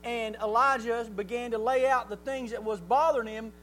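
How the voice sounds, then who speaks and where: A man preaching a sermon, telling the story in a folksy, animated way that builds to near shouting. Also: very high-pitched, normal speed, faint music behind, rough recording.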